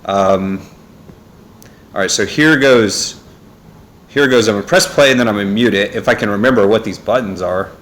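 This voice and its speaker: A young vlogger rambles through a casual monologue indoors at his family home, recorded on a phone hung in a neck holder. His voice is on the low side, fairly quick and a bit bright. He meanders along with frequent fillers and asides.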